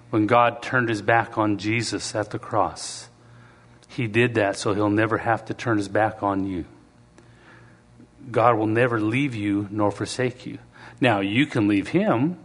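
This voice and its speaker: A man preaching a sermon in a conversational way, now and then acting out quoted voices and reading scripture slowly. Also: on the low side, steady tone, a bit bright. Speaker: pastor.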